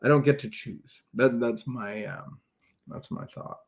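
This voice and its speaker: On a recovery podcast, a male co-host with a mid-range, vocal-fry voice chats casually. His delivery is earnest but halting, full of false starts and restarts.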